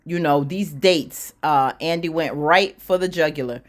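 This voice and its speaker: A woman giving a casual recap of a TV episode, telling it in a sassy, slangy, animated way and laughing often. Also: low voice, unhurried. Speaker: YouTube TV recap host.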